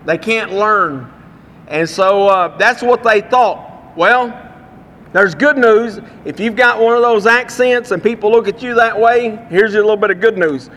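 A man from Texas with a Texan accent, preaching a sermon with folksy stories and slowing down to read scripture. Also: sits high, fairly bright tone, in a large hall.

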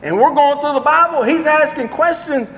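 A man preaching a sermon, telling a personal story in a folksy, earnest way with dramatic pauses. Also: very high-pitched, fairly bright tone. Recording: long reverb, faint background noise.

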